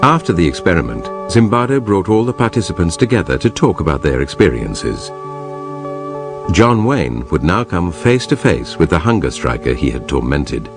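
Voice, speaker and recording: A man's voice: sits low, sing-song, normal speed, over music. A man giving scripted documentary narration.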